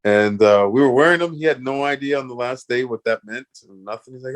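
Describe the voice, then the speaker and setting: A man's voice: mid-range voice, quick pace, hardly any pauses. A man from Canada, a guest in an interview, telling a story animatedly with laughs and restarts.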